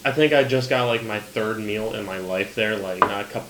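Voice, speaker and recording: A man's voice: fairly low pitch, brisk. Man, casual podcast chat, dry wry stories, echoey room with faint noise. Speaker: podcast co-host.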